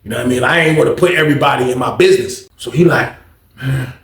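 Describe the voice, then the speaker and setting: A young man casually retelling a story in a slangy, profane, animated way. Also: mid-range voice, racing. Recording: roomy echo.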